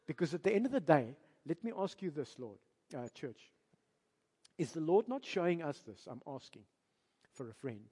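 A man with a South African accent preaching a sermon as a pastor, emphatic and animated, firing rhetorical questions at his congregation. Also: fairly high pitch, moderate pace, breathy edge. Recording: long reverb of a large hall.

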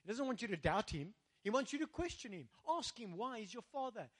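Lively, high-voiced South African preacher. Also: male voice, a little fast. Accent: South African English. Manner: energetic, rousing the congregation, mixing in Afrikaans phrases. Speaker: pastor. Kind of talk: sermon.

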